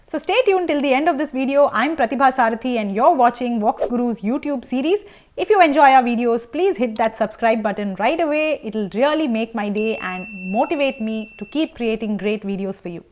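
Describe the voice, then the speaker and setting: Bright-voiced Indian woman voice teacher. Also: fairly high pitch, expressive, fairly quick. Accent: Indian English. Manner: instructive, checks in with listeners often. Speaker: vocal teacher. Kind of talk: online singing lesson.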